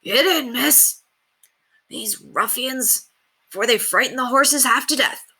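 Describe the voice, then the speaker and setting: A woman voicing an old male coachman in a storybook, drawling as he calms the horses. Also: sits high, slow pace, slightly rough, voice pushed up, heavily acted. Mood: urgent. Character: gruff old male coachman, steady and urgent.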